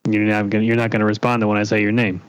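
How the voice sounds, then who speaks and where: A man's voice: on the low side, monotone, racing, clean tone, rough recording. A man co-hosting a comedy podcast, talking plainly with frequent restarts and fillers. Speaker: co-host. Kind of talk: casual comedic banter.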